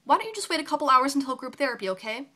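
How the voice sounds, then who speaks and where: Woman doing a brushing-off nurse, bright higher voice. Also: sing-song, rapid-fire, heavily acted. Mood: dismissive. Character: dismissive ward nurse woman.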